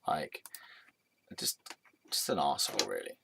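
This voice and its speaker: A man's voice: extremely low pitch, big pitch swings, normal speed, creaky, sharp tone, in a whisper. A man telling a personal story in a rambling, sweary way, full of filler words.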